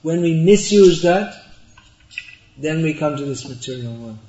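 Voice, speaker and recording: Slow-spoken man giving a spiritual talk. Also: on the high side, expressive, slight background noise. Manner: slow, deliberate, gently humorous. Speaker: spiritual teacher answering questions. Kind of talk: religious talk with audience Q&A. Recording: roomy dull hall recording.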